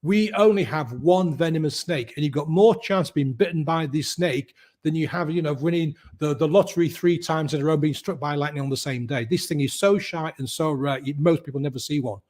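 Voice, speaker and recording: A middle-aged man, a guest telling his story in a lively way and acting out the voices of the people in it. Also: fairly high pitch, fairly quick, hardly any pauses. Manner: lively, acts out quoted voices. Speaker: guest, mindset coach. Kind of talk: animated storytelling.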